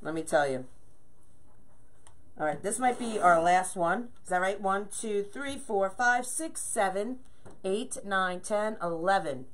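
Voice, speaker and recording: As she crafts on a live stream, this host welcomes viewers by name and counts out loud while working. She speaks in an expressive, unhurried way with a mid-range voice.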